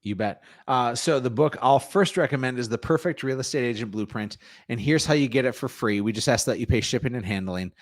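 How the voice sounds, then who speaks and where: A man guest, a real estate coach, answering interview questions in an energetic, salesy way. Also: medium pitch, dry recording, studio quality. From North Dakota. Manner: energetic, salesy, plugs his offers.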